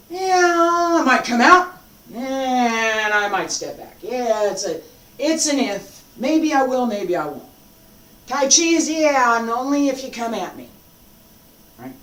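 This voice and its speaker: An instructor speaks slowly and emphatically about determination, with a lively pitch that rises and falls. Phrases get repeated for force. The mic sits far back, so the voice sounds distant and roomy. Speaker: martial arts instructor. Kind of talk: unscripted teaching talk.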